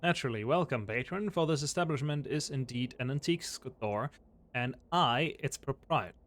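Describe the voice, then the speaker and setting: A man's voice: mid-range voice, lively intonation, normal speed, a bit bright, lightly acted. A man voicing a pompous, wordy antique store proprietor who speaks in archaic formal phrases. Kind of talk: voicing game dialogue.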